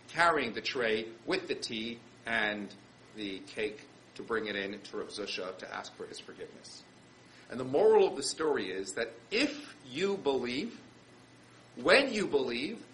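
Brief: male rabbi, lively storytelling sermon, bright tone, faint background noise. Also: mid-range voice, rough recording. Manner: animated storyteller, acts out quotes.

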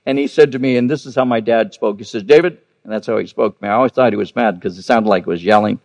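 A man's voice: on the low side, rapid-fire, gravelly, darkish tone. A man in his fifties or older preaching a sermon, telling a personal story earnestly and repeating words for emphasis. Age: 50s or older. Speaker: pastor.

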